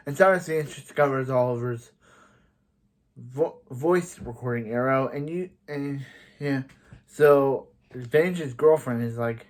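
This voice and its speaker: A man's voice: medium pitch, slow pace. A man giving a casual recap of a TV episode, rambling, with many restarts and repeated "so". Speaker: TV episode reviewer.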